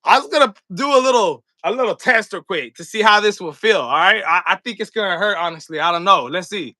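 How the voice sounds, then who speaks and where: A man with a high, bright, edgy voice rants to his viewers in loose street slang, cursing freely. The sound is close and dry, with no room around him. He acts out the scene as he talks. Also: animated, brisk, no echo. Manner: acts out scenes with props while talking. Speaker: vlogger. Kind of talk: casual commentary rant.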